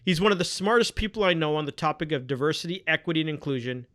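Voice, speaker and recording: A man's voice: a little high, animated, fast talker, a bit bright. A man hosting an interview show, upbeat and encouraging toward his guest. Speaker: podcast host. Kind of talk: casual interview talk.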